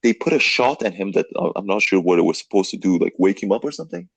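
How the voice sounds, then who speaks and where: A young man hosting a casual podcast chat, telling a story in an animated way, full of "like" and "dude". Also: deep voice, fast talker, dry recording. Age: young adult. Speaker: podcast host.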